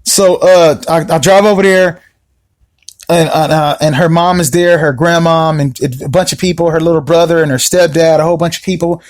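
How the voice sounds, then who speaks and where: A man with a notably high voice hosts a podcast and tells a personal story in a loose, casual way. He stumbles through fillers and restarts and slips into the voices of the people he quotes. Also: steady tone, moderate pace. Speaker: podcast host.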